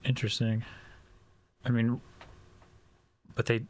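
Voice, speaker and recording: A man voicing a calm male chaplain who asks gentle, measured questions in a tabletop game. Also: medium pitch, close to an everyday voice. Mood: probing.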